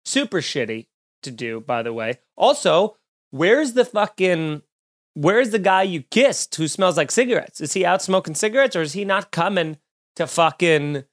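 A man hosting a comedy podcast, ranting in an animated, profane, mock-outraged way. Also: sits high, moderate pace. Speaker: podcast host.

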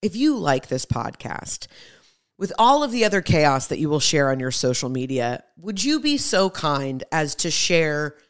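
A woman's voice: low-pitched, very animated, a little slow. A young woman hosting her own podcast in a casual, emphatic monologue, speaking to her listeners as friends. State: pregnant. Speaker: podcast host.

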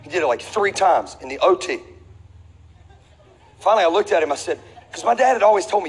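High-voiced man preaching in a hall. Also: a little fast, long pauses, breathy edge. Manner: animated, acts out voices, laughs, shifts to shouting. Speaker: pastor. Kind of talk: comedic sermon storytelling. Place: large church auditorium. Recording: reverberant hall with faint ambience.

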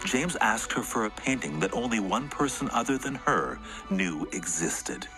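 A man's voice: lowish voice, very animated, normal speed, music in the background. A man narrating a documentary in a scripted, dramatic storytelling way.

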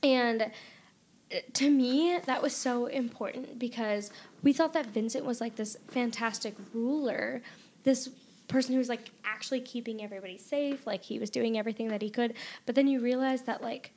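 A young woman co-hosting a book podcast in casual chat, animated and laughing often. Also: a little high, moderate pace, a little hiss or hum.

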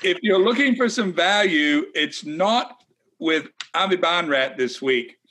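Bright-voiced blunt male golf analyst. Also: fairly high pitch, expressive, measured pace. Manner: blunt, opinionated, teasing. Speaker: co-host, golf analyst and former tour player. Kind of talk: casual golf betting chat.

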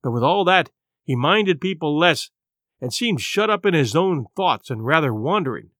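A male audiobook narrator telling a classic adventure tale with expressive, measured delivery. His voice is fairly high and his pitch moves animatedly. The recording is dry and close to the mic. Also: no echo. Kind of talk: scripted narration.

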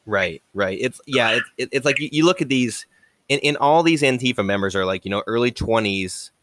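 A man's voice: mid-range voice, animated, fairly bright tone, dry recording. Guy hosting a chat, lots of uh and right, kinda stumbly, dry close sound. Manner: halting, lots of restarts and agreeing "right". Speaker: podcast host. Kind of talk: casual chat.

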